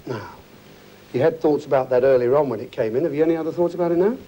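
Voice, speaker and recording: A man's voice: fairly high pitch, fast talker, dark tone, poor audio. A man hosting a TV game show, chatty, jokey and encouraging with the contestants. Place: TV studio before an audience.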